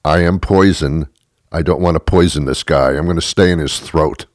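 A man voicing a lump of egg salad stuck in his throat, stubborn and self-pitying, in a lowered voice. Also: normal speed, dry recording, clean studio sound. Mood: stubborn, mopey. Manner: mopey, refusing, self-pitying.

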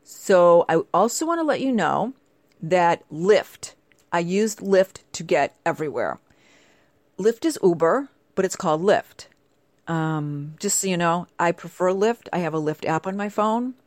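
A woman's voice: lowish voice, unhurried, dry recording. A woman hosting her own show, telling stories in casual, chatty asides. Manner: chatty, animated storytelling with playful asides. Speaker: show host. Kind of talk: casual chat.

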